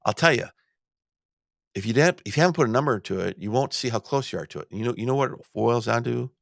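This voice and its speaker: A man's voice: medium pitch, lively intonation, fast, creaky, a bit bright, dry recording, clean studio sound. A middle-aged man hosting a podcast, telling a long rambling story in casual talk, with many restarts and stammered repeats. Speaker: podcast host.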